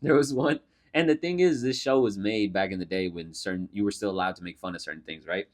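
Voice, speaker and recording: A man's voice: on the low side, fast. A young man co-hosting a podcast in casual chat, retelling comedy scenes with lots of swearing and laughter. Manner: profane, laughing storyteller. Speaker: podcast co-host.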